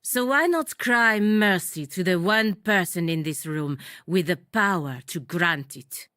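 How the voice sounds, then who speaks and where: An actress voicing a cold, aloof non-human female envoy in a video game, speaking in a cool, measured and dismissive way. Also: lowish voice, expressive, a bit bright, dry recording, clean studio sound.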